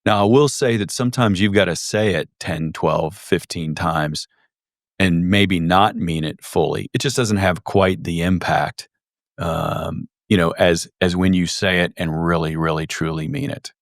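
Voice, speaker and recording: A male podcast host with a very low voice tells anecdotes in a measured, reflective way. He speaks as a sales trainer in relaxed conversation. The sound is close and dry. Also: no echo.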